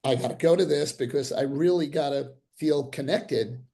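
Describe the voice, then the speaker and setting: An older dentist with a gravelly, slightly high-set voice talks through a video call. He tells his stories animatedly and restarts sentences often. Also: moderate pace. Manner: animated, acts out quoted voices, frequent restarts. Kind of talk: interview storytelling.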